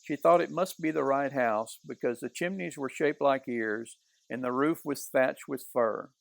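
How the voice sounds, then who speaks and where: A man reading a children's novel aloud in unhurried storybook narration. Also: medium pitch, vocal fry, no room sound. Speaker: reader.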